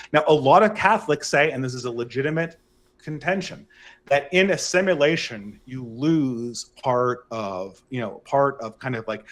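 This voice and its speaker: Lecturing male debater, steady pitch. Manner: lecturing, long explanations. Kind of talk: online debate.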